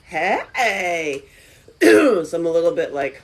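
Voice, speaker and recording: A woman hosting a casual livestream from a friend's house on her phone, lively and chatty, reading comments aloud, her voice lower than usual today. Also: slow, breathy edge. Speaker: livestream host. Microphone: phone camera.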